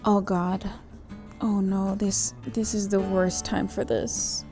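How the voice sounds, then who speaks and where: A woman book vlogger talking casually as she reads, exclaiming, swearing and rambling out loud at each turn of the story. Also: mid-range voice, level tone, takes it slowly, faint music behind. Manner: emotional, exclaiming and swearing at plot twists; rambling, thinks aloud with many fillers. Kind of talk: casual reading reaction vlog.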